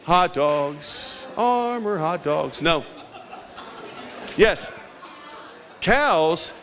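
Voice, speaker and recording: A man hosts a trivia game for a packed indoor hall, teasing the audience as he goes. His voice sits high and swings up and down with plenty of life. He takes his time between questions. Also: expressive, extremely slow, fairly bright tone. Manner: playful, joking with the crowd. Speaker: event emcee. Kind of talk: trivia quiz hosting at a community event. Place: large indoor hall with a crowd.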